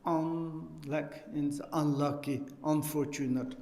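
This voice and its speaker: Slow-spoken man teaching in an echoing hall. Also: fairly high pitch, warm tone. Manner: halting non-native English, many restarts; jokes and laughs with listeners. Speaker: Buddhist teacher. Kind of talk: teaching on a text, telling a story.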